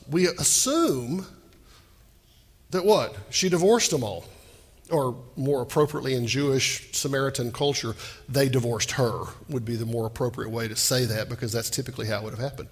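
Husky preacher with a drawl. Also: male voice, medium pitch. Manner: conversational preaching with rhetorical questions to the congregation. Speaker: pastor. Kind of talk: sermon. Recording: long reverb of a hall.

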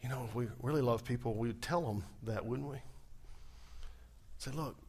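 A middle-aged male pastor preaching a conversational sermon, asking rhetorical questions and swinging between raised emphasis and quiet, trailing phrase endings. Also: medium pitch, normal speed, husky.

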